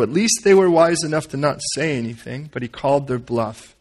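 A man preaching a sermon, reading scripture and breaking off into animated, joking, conversational asides. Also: on the high side, fairly quick. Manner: animated, conversational, full of asides and playful jokes. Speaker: pastor.

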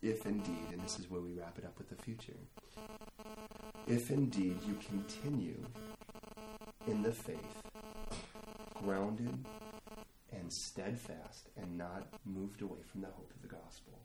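A man preaching a sermon as a pastor, telling stories and building to animated emphasis. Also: low-pitched, measured pace, long pauses, music in the background. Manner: storytelling, rising to animated emphasis. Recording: echoey room, faint ambience.

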